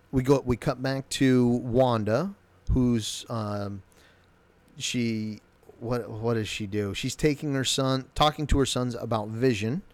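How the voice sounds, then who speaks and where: A man casually recapping a TV episode, rambling and excitable, with many fillers and restarts. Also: medium pitch, no echo.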